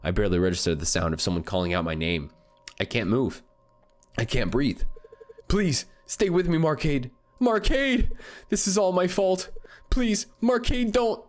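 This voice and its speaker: A man's voice: sits low, brisk, faint music behind, lightly acted. A man voicing a frantic unseen person desperately calling out for help while reading a visual novel aloud. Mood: frantic pleading. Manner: desperate, pleading, shouted.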